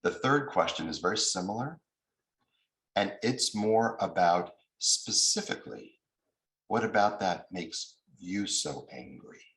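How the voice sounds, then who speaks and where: A man's voice: deep voice, lively intonation, measured pace, fairly bright tone, reverberant, rough recording. A man giving a mediation training lecture over a video call, explaining step by step and now and then acting out angry voices.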